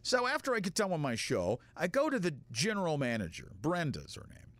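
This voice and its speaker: A radio host telling a profane, self-mocking comic story in a casual way. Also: male voice, a little high, wildly swooping pitch, a little fast, a bit bright, dry recording.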